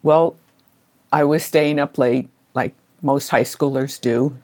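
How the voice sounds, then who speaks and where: A middle-aged woman being interviewed, recounting her childhood memories in a measured way that slows down at the key moments. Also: a bass voice, fairly even intonation, mellow. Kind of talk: storytelling interview.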